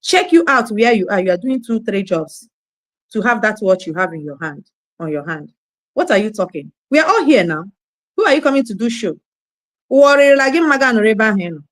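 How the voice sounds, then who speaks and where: A woman's voice: medium pitch, lively intonation, brisk, dry recording. A woman ranting in a scolding, preachy monologue, repeating her phrases. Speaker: online commentator.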